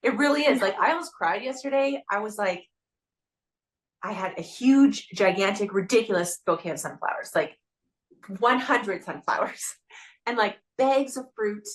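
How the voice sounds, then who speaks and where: A woman's voice: medium pitch, animated, normal speed. Heartfelt chatty woman podcast host. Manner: heartfelt, chatty, leans on "like" a lot. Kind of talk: casual podcast interview.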